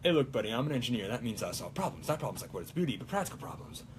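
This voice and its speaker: A low, unhurried Southern engineer drawls along, a young man putting him on. The voice sits far below the performer's natural pitch and rolls each word out slowly. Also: sing-song, slight background noise, close to an everyday voice. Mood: drawling. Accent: put-on Southern drawl.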